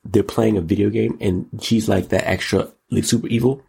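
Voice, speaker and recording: Husky, gravelly male commentary host. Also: moderate pace. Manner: animated, mocking, jumps into high exclaims. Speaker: show host. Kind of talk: casual pop-culture and politics commentary.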